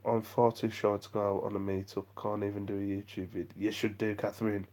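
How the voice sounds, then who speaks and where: A man's voice: fairly low pitch, little pitch movement, a little fast, a little mellow. A man chatting on a live vlog stream, rambling and self-deprecating as he reads out viewer comments. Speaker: vlogger.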